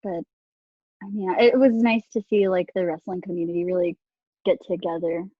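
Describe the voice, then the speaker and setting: A woman's voice: on the low side, moderate pace, no echo. A woman co-hosting a wrestling podcast in casual chat, talking with lots of fillers and frequent laughs. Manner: chatty, laughs often, many fillers. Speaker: podcast co-host. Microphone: video call. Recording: dull lo-fi remote call audio.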